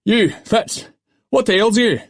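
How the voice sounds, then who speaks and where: A man voicing a gruff ship's master who talks in a sharp, demanding way. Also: medium pitch, brisk, no echo, studio quality, voice pushed up, lightly acted.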